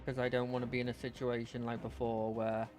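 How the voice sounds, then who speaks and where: Man, casual gameplay commentary, chatty, wry, mid pitch, game music underneath. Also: monotone, brisk, a little mellow. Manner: chatty, rambling, wry asides. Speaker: let's play host.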